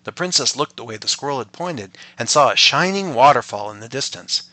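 A man reading a bedtime story aloud, gentle and playful, as a father and podcast storyteller. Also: mid-range voice, animated, fairly quick, no echo.

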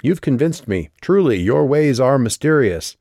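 A man's voice: medium pitch, sing-song, moderate pace, dark tone, no room sound, studio quality, voice pushed up. A man reading the lines of a curt, sarcastic young woman in an audiobook. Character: sharp-tongued, irritated young woman driver.

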